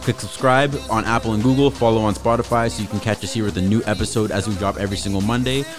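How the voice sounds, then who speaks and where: A man's voice: on the low side, fairly even intonation, fast talker, over music. A young man hosting a casual podcast with a laid-back, slangy way of talking. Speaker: podcast host. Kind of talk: casual chat.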